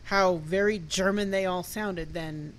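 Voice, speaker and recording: A woman's voice: lowish voice, fairly even intonation, measured pace, a little hiss or hum, low-quality recording. A woman hosting a casual panel chat, blunt and playful, swearing freely as she talks. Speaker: host.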